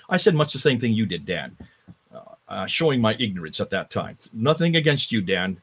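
A man's voice: medium pitch, very animated, fairly quick, a bit bright, slightly rough. A man giving an emphatic, conversational lecture as a guest speaker, with frequent restarts. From United States.

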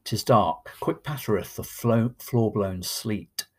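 A man reading a long narrative poem aloud in a measured, expressive way. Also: lowish voice, breathy edge. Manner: slow, measured, expressive recitation. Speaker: poetry reader. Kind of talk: dramatic poetry reading.

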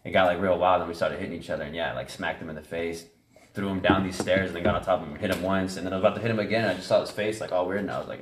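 A man's voice: low-pitched, fairly even intonation, racing, echoey room, a little hiss or hum. A man chatting casually on a podcast in laid-back, profane slang. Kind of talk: casual chat.

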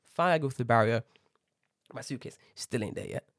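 A man telling an animated, heavily sworn rant about an airport in a casual chat, acting out the people he met. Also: medium pitch, quick pace, dry recording, studio quality. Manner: animated ranting, swears a lot, acts out people.

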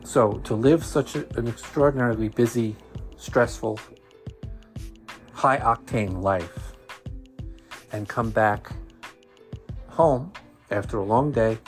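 Excited Brooklyn-accented man hosting. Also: lowish voice, takes it slowly, pauses often, faint music behind. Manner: enthusiastic, repeats words when excited. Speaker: podcast host. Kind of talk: casual podcast talk.

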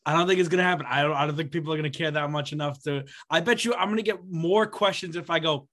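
Teasing young man, laughing, slightly higher voice. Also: fast talker, fairly bright tone. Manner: teasing, laughs often, dry sarcasm. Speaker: podcast co-host. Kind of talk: casual podcast banter.

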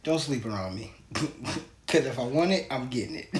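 A man co-hosting a casual podcast, brash and teasing, with a lot of loud laughter. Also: medium pitch, expressive, a little slow, reverberant, noisy background. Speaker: podcast co-host.

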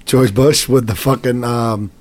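A man co-hosting a casual chat, animated and swearing, laughing loudly. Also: medium pitch, a little slow. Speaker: podcast co-host.

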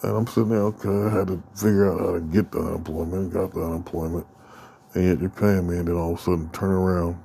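A man's voice: deep voice, flat delivery, quick pace, vocal fry, dark tone, slightly rough. A man hosting a podcast, ranting casually and profanely in a rambling way. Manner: profane, rambling, acts out quoted exchanges. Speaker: podcast host.

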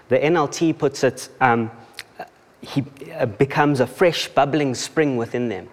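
A man's voice: medium pitch, a little slow. A man from South Africa with a South African accent, giving a chatty, self-deprecating testimony at church, laughing often and restarting his sentences. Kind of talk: conversational sermon testimony. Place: church hall. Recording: long church-hall reverb.

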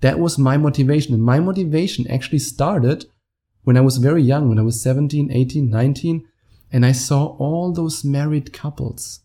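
A man's voice: medium pitch, moderate pace, warm tone. A man in his late twenties with a German accent, telling a story in a casual monologue and laughing often as he acts out the quotes. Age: 20s. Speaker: podcast host.

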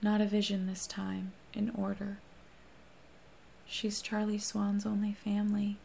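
A woman whispering the lines of a calm young woman vampire seer in a whispered role-play, in a soft murmur. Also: mid-range voice, a little slow, gravelly, a little hiss or hum. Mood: gentle.

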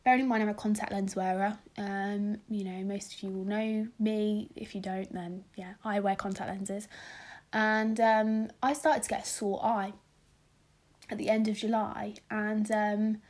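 A woman's voice: medium pitch, little pitch movement, a little slow, a little mellow. A young woman with a British accent, telling her own story in a casual, rambling monologue with asides that drop nearly to a whisper. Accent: British English. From Britain. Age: young adult.

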